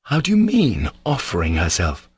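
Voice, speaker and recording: A man voicing a timid, warm-hearted young man in an audiobook, speaking softly and earnestly. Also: mid-range voice, sing-song, normal speed, slightly rough, no room sound. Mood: pleading. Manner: soft, pleading, earnest delivery. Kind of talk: audiobook character voice.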